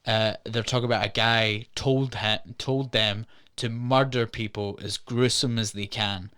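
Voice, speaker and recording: A man co-hosting a studio podcast, casually retelling a film's plot in an animated way and acting out characters' lines. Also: on the low side, measured pace, clean tone. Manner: animated retelling, acts out quotes in put-on voices. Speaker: podcast co-host. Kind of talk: casual film review chat.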